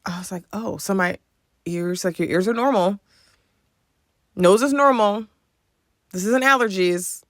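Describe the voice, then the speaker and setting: A young adult woman hosting a podcast, telling a personal story in a chatty, animated way and acting out the people she quotes. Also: mid-range voice, a little slow, pauses often, no echo, clean studio sound. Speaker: podcast host. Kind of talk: casual storytelling to listeners.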